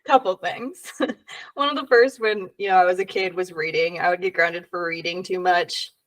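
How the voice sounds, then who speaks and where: A woman's voice: lowish voice, fairly even intonation, normal speed, recorded from a distance. A young woman co-hosting a podcast in casual chat, telling stories and laughing often. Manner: giggly storyteller, laughs often. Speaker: podcast co-host.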